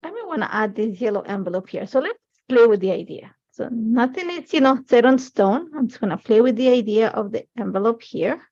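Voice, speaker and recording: A woman in her forties walks viewers through a live scrapbooking project in a chatty, meandering way, sprinkling "like, you know" everywhere. Her voice sits a bit high for a woman. The livestream sound is dull and lo-fi. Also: expressive, fairly quick, mellow. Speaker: craft livestream host.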